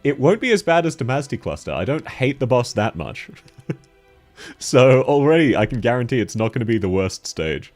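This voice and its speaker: A man with a deep timbre chatting casually and jokily while streaming a game, laughing often. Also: sing-song, normal speed, darkish tone, soft background music. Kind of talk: casual gaming stream chat.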